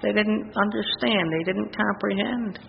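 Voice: mid-range voice, measured pace, creaky. Preacher in a long-reverb hall. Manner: reads verses aloud, then exhorts the listeners directly. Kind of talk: sermon with scripture reading. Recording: long reverb, dull lo-fi sound, faint noise.

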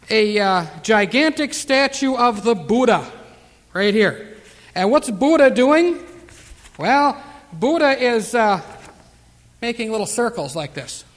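A man preaching a sermon, reading scripture slowly and emphatically. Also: extremely high pitch. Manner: emphatic scripture reading, slow drawn-out verses. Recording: long reverb of a hall.

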